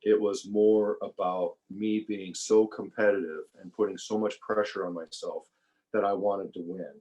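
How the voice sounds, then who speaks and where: A man speaking as a podcast guest, talking in a relaxed, reflective way and often repeating words while he gathers his thoughts. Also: deep voice, moderate pace, rough recording. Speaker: podcast guest, former survival show contestant. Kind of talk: casual conversational interview.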